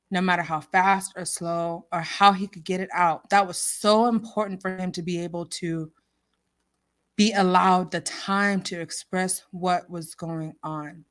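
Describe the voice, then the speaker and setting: A woman's voice: fairly low pitch, a bit bright. A woman hosting a casual livestream chat, laughing often and reading out viewer comments with lots of emotion. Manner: reads out viewer comments and names. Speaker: livestream host.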